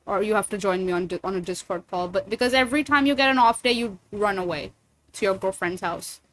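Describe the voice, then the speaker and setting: Here the woman talks fast in a mid-range, slightly bright voice. She's a streamer and voice actor rambling through a casual livestream chat, dropping swears freely between thoughts.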